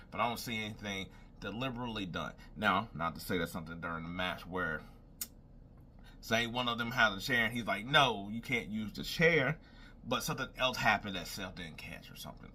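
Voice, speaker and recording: Lowish, quick and pushed bright, a young man's voice comes with a little hiss or hum. He's a wrestling commentator in casual solo talk, musing and rambling over predictions, repeating "I was like" again and again.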